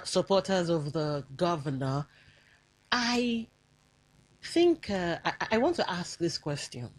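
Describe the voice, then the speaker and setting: Nigerian woman hosting radio talk. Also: on the low side. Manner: rambling, reflective, with frequent fillers. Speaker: radio show host. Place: radio studio.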